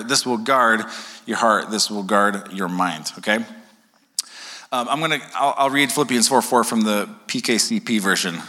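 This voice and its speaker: A male pastor preaching a sermon to his congregation in a conversational way, often checking in with "okay?" and joking with the crowd. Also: mid-range voice. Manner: conversational, keeps asking "okay?"; animated, jokes with congregation. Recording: long hall reverb.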